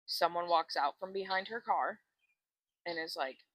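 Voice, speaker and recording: A bright-voiced woman chats casually on a podcast, retelling a story and slipping into the characters' lines. The recording is dry and close. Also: fairly low pitch, a little slow, dry recording, poor audio. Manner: animated storyteller, acts out quotes, swears freely. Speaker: podcast co-host. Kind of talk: casual chat retelling a book plot.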